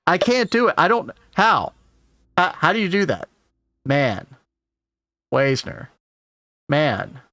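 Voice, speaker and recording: A man's voice: sits high, wildly swooping pitch, unhurried, pushed and bright, no room sound. A man streaming a game and joking with chat and his wife in playful, self-mocking banter. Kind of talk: casual gameplay stream chat.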